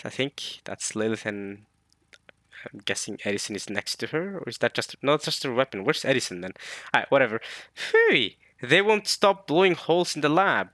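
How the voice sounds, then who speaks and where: Guy doing a manga chapter reaction, bright lively voice, dry close sound, thinks out loud. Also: mid-range voice, no room sound. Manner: excited, thinks aloud, reads lines in quick put-on voices. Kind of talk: casual chapter reading and reaction.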